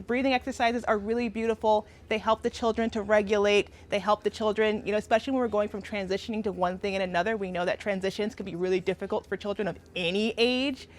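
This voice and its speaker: A woman's voice: medium pitch, quick pace, few pauses. A woman leading a workshop outdoors as a community educator, upbeat and playful, often laughing as she guides a group. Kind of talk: friendly workshop instruction.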